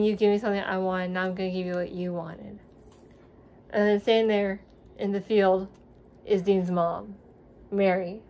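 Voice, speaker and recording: A young woman with a medium-pitched, darkish voice rambles casually about a TV series in her vlog, filling it with ums and likes. She's at home with her dog nearby. She moved from Seattle to the US South at five and grew up there.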